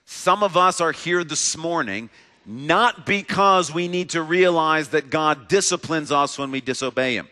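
A man's voice: fairly high pitch, sharp tone. A male pastor delivering a sermon in a church sanctuary, earnest, with a repetitive preaching cadence. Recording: long reverb of a large hall.

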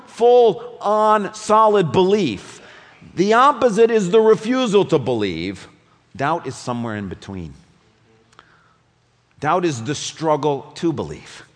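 A pastor preaching a sermon, rising to emphatic peaks and dropping to quiet, low passages. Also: male voice. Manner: dynamic preaching, swinging between loud emphatic peaks and low quiet drops. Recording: long reverb of a large hall.

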